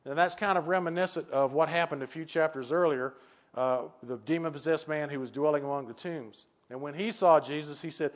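Earnest older preacher with a higher voice. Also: male voice, a little fast. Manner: earnest, repetitive, rhetorical questions. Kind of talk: sermon.

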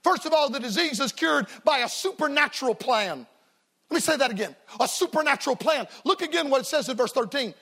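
A man's voice: very high-pitched, expressive, a little fast, bright, forceful tone. A man preaching a revival sermon to a church congregation, folksy and emphatic, telling stories and hammering repeated refrains. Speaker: evangelist preacher.

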